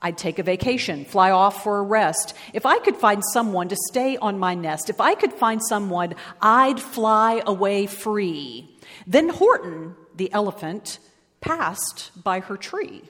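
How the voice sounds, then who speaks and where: A woman reading a rhyming storybook aloud in a measured, expressive way. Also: mid-range voice, big-room sound.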